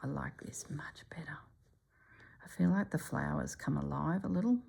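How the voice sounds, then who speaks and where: A middle-aged woman, chatting casually as she stitches for her channel and often dropping to a soft whisper. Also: sits low, normal speed, creaky, breathy edge. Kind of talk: casual stitching vlog chat.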